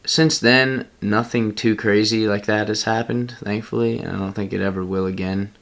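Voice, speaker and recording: A man's voice: on the low side, steady tone, moderate pace, creaky, fairly bright tone. A young man from Pennsylvania telling a rambling personal story to camera, laughing at himself along the way. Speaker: vlogger. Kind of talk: casual storytelling.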